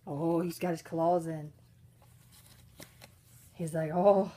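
A woman narrating her pets at home while filming on a handheld phone, chatty and giggly, slipping into squeaky voices for the animals. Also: mellow, husky. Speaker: pet vlogger. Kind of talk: casual off-camera narration of pets. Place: indoors at home. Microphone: handheld phone camera.

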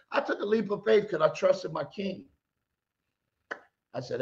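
Fervent high-voiced male preacher. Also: big pitch swings, normal speed, pauses often, highs cut off. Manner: fervent, rising to loud exclamations; retells stories with quoted dialogue. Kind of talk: sermon.

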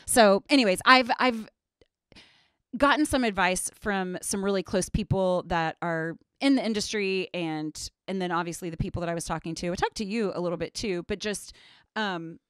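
A pregnant woman in her forties cohosts a casual podcast conversation, candid and quick to laugh, often leaving thoughts unfinished. Her voice sits at a middle pitch. It is recorded close and dry. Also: a bit bright, clear, resonant tone, dry recording. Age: 40s. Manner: candid, laughs easily, trails off mid-thought. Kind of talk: casual chat.

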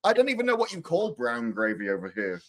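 A British man chatting casually as a guest on a live stream, his voice a little worn from shouting, talking playfully with quick restarts. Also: mid-range voice, wildly swooping pitch. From Britain. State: voice going hoarse from shouting. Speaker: guest co-host. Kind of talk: casual chat.

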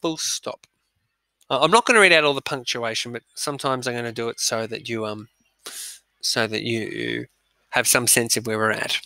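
Male schoolteacher running a dictation, bright, crisp, dry close sound. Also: mid-range voice, a little fast, no room sound. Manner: chatty, upbeat teacher instructions with frequent ums. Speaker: primary school teacher. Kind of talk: remote dictation lesson. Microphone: recorded audio, speaker not seen.

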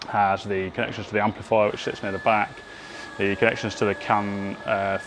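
An upbeat man walks through a car build in a casual workshop update, chatty and fond of a joke at his own expense. His voice sits fairly low, with a faint workshop hum behind him. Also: level tone, brisk. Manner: chatty and upbeat, self-deprecating jokes. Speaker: workshop presenter.

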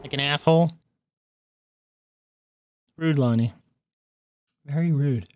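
In a low, slightly mellow voice, a woman streams a video game live, taking it slowly. She swears, yelps and shrieks as enemies attack, chattering to herself and to her chat.

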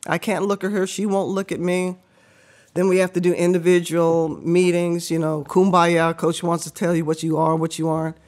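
A middle-aged woman, a podcast guest, telling an animated story, laughing often and acting out the voices of people she quotes. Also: fairly low pitch, moderate pace.

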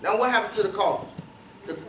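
Casting: man with a high voice, interactive storyteller asking the audience questions, in an echoey room, faint ambience. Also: quick pace, bright, forceful tone, slight background noise. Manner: repeats phrases for emphasis. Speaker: guest speaker at a youth cricket academy. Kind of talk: motivational storytelling talk. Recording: roomy, distant, faint ambience.

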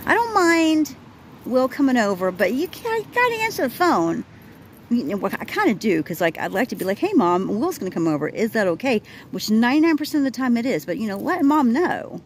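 A woman's voice: a little high, sing-song, a little fast. A woman in her forties vents in a casual vlog, rambling and exasperated, with frequent restarts. She talks into a handheld phone while walking her dog outdoors, and faint passing traffic sits behind her voice. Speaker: vlogger.

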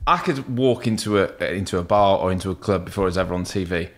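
A man's voice: deep voice, quick pace. A man, a tattoo artist who is a podcast guest, chatting casually and candidly, swearing freely as he rambles. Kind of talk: casual chat.

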